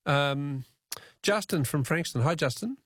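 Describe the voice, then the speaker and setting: A man's voice: a little high, animated, a little slow, a bit bright, no echo. A man with an Australian accent hosting a radio quiz, chatting casually with callers in a chuckling, self-deprecating way from a studio mic. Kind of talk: casual radio talkback chat. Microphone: studio microphone.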